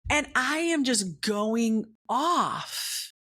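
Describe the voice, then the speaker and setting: A woman's voice: a little high, animated, fairly bright tone, breathy edge. A woman hosting a faith-based comedy podcast, telling a self-deprecating personal story and laughing at herself. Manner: acts out other people's lines in quick put-on voices. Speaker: podcast host.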